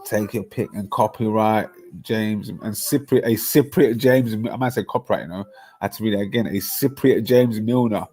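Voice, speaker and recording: A man's voice: on the low side, moderate pace, mellow, husky. A man, chatting casually and boastfully about football on a podcast with friends, rambling between slangy asides.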